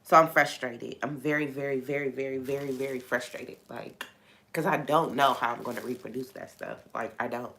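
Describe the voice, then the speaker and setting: A woman's voice: very deep voice, steady tone, fairly quick, a bit bright, a little hiss or hum. A woman hosting a faith talk on a live stream, venting frankly and swearing freely.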